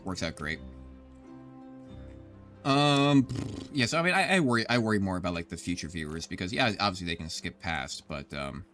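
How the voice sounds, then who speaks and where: A man's voice: deep voice, animated, normal speed, a bit bright. A man in his thirties giving casual, rambling gameplay commentary as a streamer, swearing often and talking to his chat. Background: background music.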